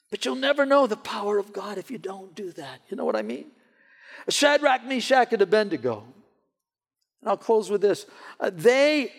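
A man preaching a sermon to a church gathering, telling stories in an animated way and often repeating his words as he goes. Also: very high-pitched. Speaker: pastor. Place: church hall. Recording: long hall reverb.

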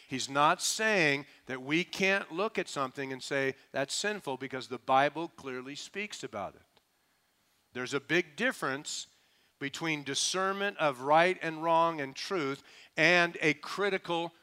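A man's voice: a little high, bright, forceful tone, smooth. Laughing, slangy male pastor preaching. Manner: casual and humorous, laughing often, mixing scripture with slang; slows and stresses key words when reading scripture. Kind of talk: sermon.

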